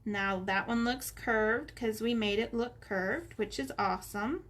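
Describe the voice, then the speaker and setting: Chatty woman teaching coloring, slightly high voice. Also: fairly bright tone. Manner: chatty, unhurried step-by-step instructions. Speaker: art instructor. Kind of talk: relaxed coloring tutorial. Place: home office.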